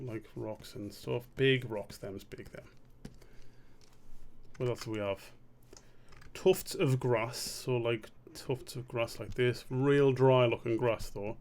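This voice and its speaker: A man's voice: mid-range voice, darkish tone, a little hiss or hum. A man streaming a drawing session, rambling and muttering to himself, swearing freely as he works. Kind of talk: casual live-stream commentary while drawing.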